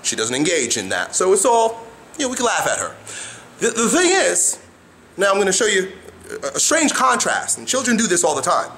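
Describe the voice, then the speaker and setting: A man giving a motivational talk to camera as an animated storyteller who acts out faces and sounds. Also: high voice. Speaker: motivational vlogger.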